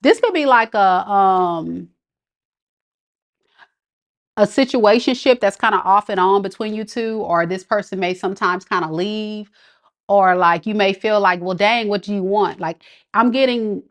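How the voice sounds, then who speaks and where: A woman's voice: medium pitch, measured pace. A woman with giving a casual, affectionate live tarot reading, chatting with viewers and laughing often. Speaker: tarot reader.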